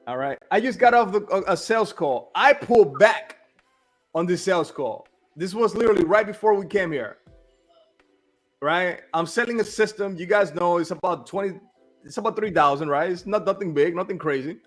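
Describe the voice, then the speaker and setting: A man's voice: high voice, expressive, normal speed, faint music behind. A man in casual business chat, blunt and emphatic, often asking "all right?".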